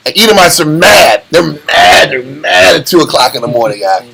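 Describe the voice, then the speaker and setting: A man's voice: on the high side, lively intonation, moderate pace, vocal fry, crowd noise, rough recording. A man with a Texas accent giving an informal church teaching, casual and streetwise with joking asides. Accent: Southern US, Texas. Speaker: teacher of a church study class.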